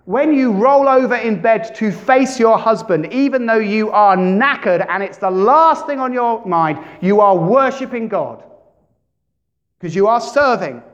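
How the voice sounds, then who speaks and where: Male pastor, animated sermon, higher voice, dull lo-fi recording. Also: measured pace. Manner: animated preaching, big swings in loudness, asks the congregation questions.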